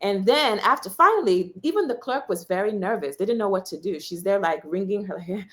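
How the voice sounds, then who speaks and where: A woman's voice: mid-range voice, a little fast. A young woman from the United States talks as an interview guest, a journalist recounting her own experiences. She is candid and conversational, and she brings the story alive by acting out what others said. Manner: animated storyteller, quotes others with raised voice.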